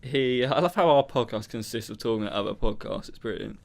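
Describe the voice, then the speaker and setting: A man's voice: medium pitch, fast talker, vocal fry. A young man from southern England co-hosting a podcast in a rambling, casual chat. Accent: Southern English. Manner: chatty, rambling, slips into mock accents. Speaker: podcast co-host.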